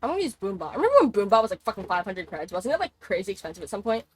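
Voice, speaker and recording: A woman's voice: medium pitch, big pitch swings, racing, breathy edge, dry recording. A woman streaming a game live, chatting in a rambling, casual way and swearing freely. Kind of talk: casual gaming livestream chat.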